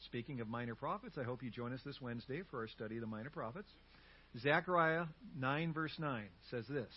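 A man's voice: medium pitch, fairly quick, breathy edge, dull audio. A male pastor preaching a sermon with animation and leading the congregation in call-and-response. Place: church sanctuary.

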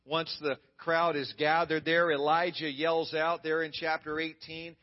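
A man preaching a sermon as a pastor, retelling a story dramatically and swinging from loud to hushed. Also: on the high side, flat delivery, measured pace, few pauses, dull audio.

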